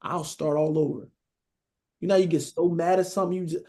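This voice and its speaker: A man's voice: a little high, fairly even intonation, fairly quick, warm tone. Man preaching casually, checking in constantly. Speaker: Bible teacher. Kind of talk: sermon.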